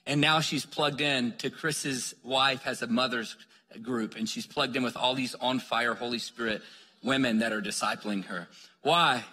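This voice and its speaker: A male preacher delivers an energetic sermon full of stories, pressing his listeners on again and again. His voice is bright and forceful with a husky edge. It rings through a large hall with a long reverb. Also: medium pitch, measured pace. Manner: energetic, calls "come on" to the crowd. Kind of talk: sermon storytelling.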